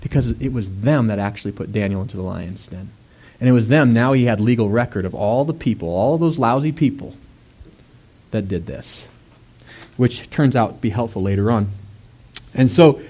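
A male preacher retelling a scripture story in a casual, chatty way, with fillers and quick asides. His voice sits in an ordinary middle pitch. He keeps building up to loud, emphatic stretches. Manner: animated, rising to raised emphatic delivery; conversational asides with fillers and laughs. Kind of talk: sermon.

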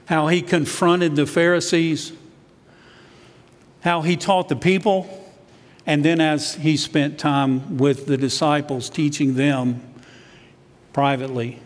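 Man preaching a sermon in a reverberant hall. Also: fairly high pitch. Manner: conversational preaching, acts out quoted disciples. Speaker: church elder preaching.

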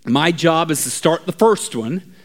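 A male pastor preaching a storytelling sermon, swinging between hushed asides and shouting. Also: fairly high pitch, expressive, measured pace.

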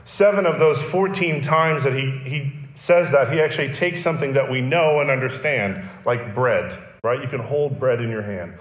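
A man's voice: medium pitch, normal speed, hardly any pauses. A male pastor preaching a sermon, explaining and repeating key phrases for emphasis. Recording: echoey church hall.

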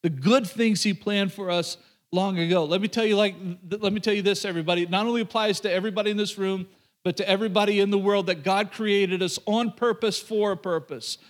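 Male pastor, higher-pitched voice, chatty sermon with playful asides and frequent restarts. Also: fairly even intonation, quick pace. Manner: conversational, joking asides with repetitions and restarts.

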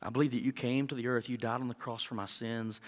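Male pastor, animated sermon delivery, voice ringing through a large church hall. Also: fast talker. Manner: animated, acts out prayers and dialogue with rising pitch.

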